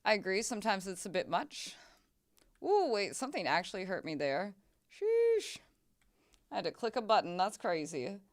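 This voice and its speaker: A woman's voice: mid-range voice, lively intonation, brisk. A young woman streaming a game, chatting casually, swearing and laughing as she plays. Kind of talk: casual gameplay chat.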